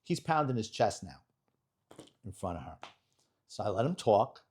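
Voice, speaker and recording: Middle-aged New man, ex-detective guest spinning a case story, blunt and lively. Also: fairly low pitch, normal speed, long pauses, husky. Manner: animated, blunt street-wise storyteller. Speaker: retired police detective, guest. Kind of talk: storytelling in a podcast interview.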